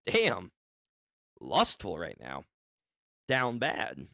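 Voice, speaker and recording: A man casually reads a manga aloud for his channel, joking, reacting between panels, and repeating words. His mid-range voice is very animated, unhurried, and a bit bright, recorded dry with studio quality.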